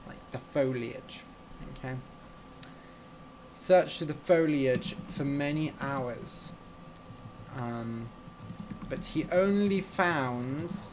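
A man teaching English on a live stream, telling a story slowly and clearly, explaining words and asking viewers questions in a relaxed, chatty way. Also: medium pitch, noisy background.

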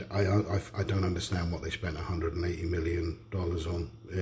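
A man with a low-pitched voice speaks as a podcast co-host in an unscripted recorded message. He is blunt and profane. He stumbles over repeated words as he piles on his criticisms. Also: darkish tone, slight background noise. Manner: blunt and profane, full of restarts. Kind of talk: casual recorded opinion rant.

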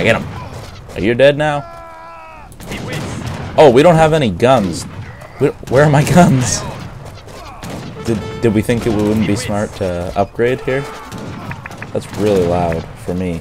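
Young man, let's-play commentary, low voice, chatty, self-deprecating. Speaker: gaming host.

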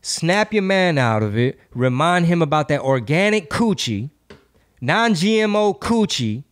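A man hosting a casual comedy podcast, profane and riffing, slipping into quick impressions. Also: fairly high pitch, big pitch swings. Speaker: podcast host.

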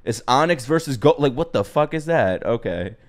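Young male reaction host, excitable and profane, average-pitched voice. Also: moderate pace. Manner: excitable, swearing, bursts into laughs and shouts. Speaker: anime reaction YouTuber. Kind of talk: casual reaction commentary.

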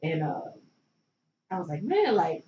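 Her voice sits on the low side and dark in tone, swooping wildly in pitch at a measured pace. A young Philadelphia woman and former pro basketball player, she's an interview guest telling her story in a rambling, casual, filler-heavy way with many likes and you knows. Seated back from the mic in a roomy space, she sounds distant and echoey, the sound dull over faint noise.

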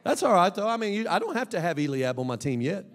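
A man preaching an emphatic, animated sermon as a pastor, with bursts of shouting. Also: sits high, fast. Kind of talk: lively sermon. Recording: long reverb of a large hall.

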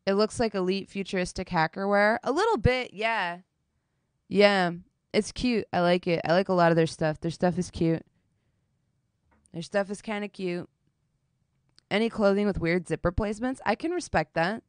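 A woman's voice: mid-range voice, moderate pace, clear, resonant tone, no echo. A woman streaming, chatting casually with her viewers while doing her makeup, telling a story animatedly and swearing often.

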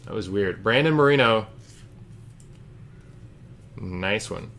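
A man's voice: lowish voice, expressive, slow pace, creaky, a bit bright, a little hiss or hum. A man hosting a live trading card break, casually calling out each card as he opens packs.

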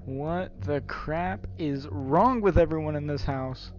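A man's voice: on the high side, slow, dull audio, over music. A man playing a horror game and commenting, joking at the game's portraits and yelping when startled. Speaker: gaming YouTuber.

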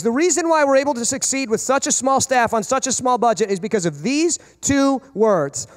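A man in his thirties, a pastor preaching a sermon, animated and acting out quoted parents and kids. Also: extremely high pitch, big-room sound.

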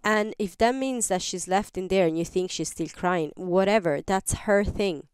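A woman's voice: medium pitch, normal speed, smooth, no room sound, clean studio sound. A woman hosting an advice podcast, explaining earnestly and step by step with examples. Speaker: podcast host. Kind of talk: advice talk.

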